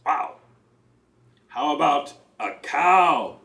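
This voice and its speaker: A cheerful male dragon puppet, put on by a man, chattering in a high voice that swoops all over. He takes his time with every line, and the room around him rings with echo. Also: animated, drawn-out words, vocal fry, pushed and bright, far from the mic, full character voice. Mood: excited. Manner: bouncy, theatrical, exclaiming. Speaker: puppet character on a children's show. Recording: roomy echo.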